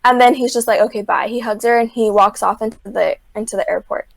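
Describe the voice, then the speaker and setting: A woman's voice: fairly high pitch, quick pace, gravelly, no echo. Chatty young woman, constant "like". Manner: filler-heavy, says "like" constantly; animated storytelling, acts out quotes. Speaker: podcast guest. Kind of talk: casual retelling of a reality show.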